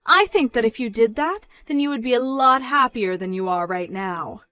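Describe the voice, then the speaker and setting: Woman doing a domineering, mocking middle-aged mother; high, dry, close-miked story read. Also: expressive, moderate pace, clear, resonant tone, dry recording, faint music behind. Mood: scornful. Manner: mocking, loud, rising in pitch when scolding. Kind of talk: dramatized story narration.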